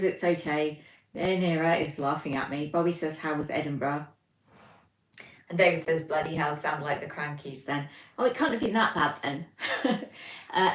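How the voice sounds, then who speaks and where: A young English woman hosting a casual livestream, chatting and reading out viewer comments with lots of ums. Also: low-pitched. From England. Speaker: livestream host. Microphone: phone. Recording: echoey room, mic far off.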